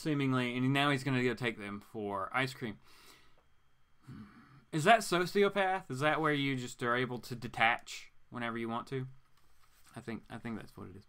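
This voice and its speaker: A man's voice: mid-range voice, expressive, moderate pace, sharp tone. A man casually reading a comic book aloud with chatty, amused asides as host.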